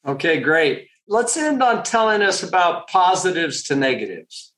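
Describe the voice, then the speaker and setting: High-voiced man host, roomy sound. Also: big pitch swings, a little slow, a bit bright. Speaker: podcast host. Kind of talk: interview questions. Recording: roomy echo.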